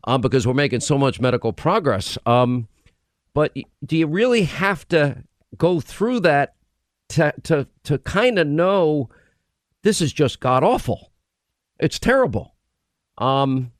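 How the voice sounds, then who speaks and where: A man's voice: on the high side, animated, measured pace, no room sound, clean studio sound. A man hosting a radio talk show, delivering an emphatic, impassioned monologue full of restarts. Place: radio studio. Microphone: studio microphone.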